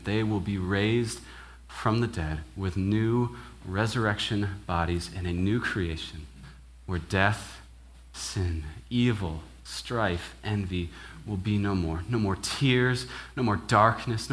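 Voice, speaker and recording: Casual young male minister, slightly low voice. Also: a little slow. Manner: casual and animated, acts out quoted dialogue, frequent "right?". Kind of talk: conversational sermon.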